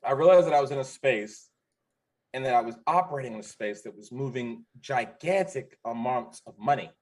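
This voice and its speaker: A man's voice: medium pitch, expressive, brisk, darkish tone. Emphatic forty-year-old man telling stories. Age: 40s. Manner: emphatic, repeats and restarts phrases. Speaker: podcast guest, security founder. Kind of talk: casual conversational storytelling.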